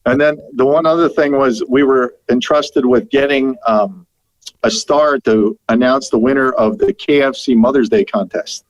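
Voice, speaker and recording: Animated storytelling man, dull dry sound. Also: mid-range voice, moderate pace, dry recording. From Canada. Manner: animated anecdotes, laughing, acting out quotes. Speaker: radio broadcaster guest. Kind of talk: storytelling in a podcast interview.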